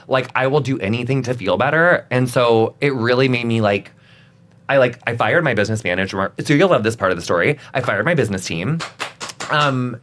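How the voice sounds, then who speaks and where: A man as an interview guest, telling stories in a chatty, animated way with lots of filler words and sudden dramatic outbursts. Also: mid-range voice. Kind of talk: casual interview chat.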